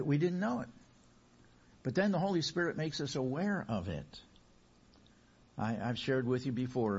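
Husky-voiced male pastor preaching. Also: fairly low pitch. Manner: preaching with emphatic swells in loudness. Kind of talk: sermon. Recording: dull lo-fi recording.

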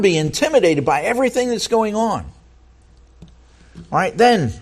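Earnest preacher man, somewhat high voice. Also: animated, normal speed, pauses often. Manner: earnest, rhetorical questions, stumbles and repeats words. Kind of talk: sermon reading scripture with commentary.

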